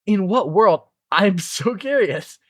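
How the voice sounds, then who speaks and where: A man's voice: sits high, expressive, slow pace, fairly bright tone, no echo, clean studio sound. A man in casual review chat, picking apart a TV episode in an incredulous, ranting way. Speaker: podcast co-host.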